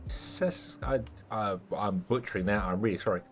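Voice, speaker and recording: A man's voice: lowish voice, normal speed, faint music behind. A man from Britain chatting casually with viewers while streaming a game, joking and stumbling over his words.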